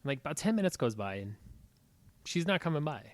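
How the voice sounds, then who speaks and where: A man in his thirties, a podcast co-host, telling a story in animated, casual chat with a lot of swearing. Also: on the high side, fast.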